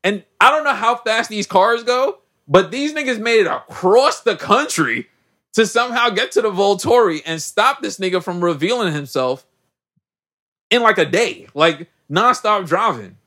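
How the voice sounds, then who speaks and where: Male podcast host, casual slangy recap, higher-pitched and very expressive delivery. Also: normal speed. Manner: animated, slangy storytelling.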